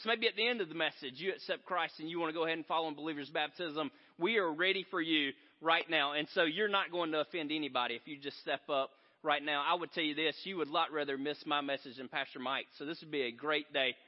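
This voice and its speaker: High-voiced pastor preaching in a hall. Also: male voice. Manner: conversational storytelling, animated and joking. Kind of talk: sermon. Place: large church sanctuary. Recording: reverberant hall, dull sound.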